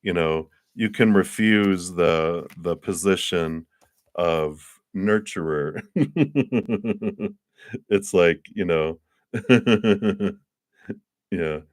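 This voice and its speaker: A man's voice: sits low, drawn-out words, no room sound, clean studio sound. A man giving a casual live tarot reading, chatty, laughing often and acting out the people he describes. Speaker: tarot reader.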